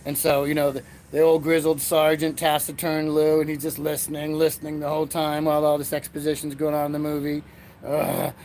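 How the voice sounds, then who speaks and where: A man's voice: on the high side, monotone, a little fast, darkish tone, slight background noise. A man hosting a solo comedy podcast, rambling and self-mocking as he talks through his silly bits. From Erie, Pennsylvania, USA. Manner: jokey, meandering, self-mocking. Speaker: podcast host. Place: front porch outdoors.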